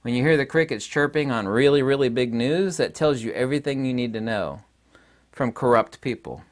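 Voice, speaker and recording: A man's voice: mid-range voice, fairly quick. A middle-aged man giving a rambling, sarcastic commentary monologue to camera. He laughs often. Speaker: channel host, commentator.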